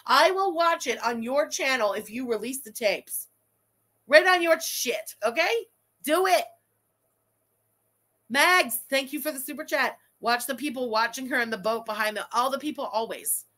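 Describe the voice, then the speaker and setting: Bright, high-voiced, profane woman streamer. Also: moderate pace. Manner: profane, animated, ranting. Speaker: livestream host reading super chats. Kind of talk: casual livestream chat.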